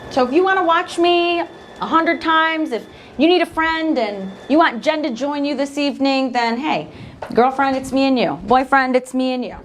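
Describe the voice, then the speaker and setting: A woman's voice: high-pitched, normal speed, slight background noise. A woman hosting a live embroidery stream. She chats in an upbeat, casual way with her viewers while she works at a machine. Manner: chatty, upbeat, talks to viewers while working. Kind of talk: casual live demo chat.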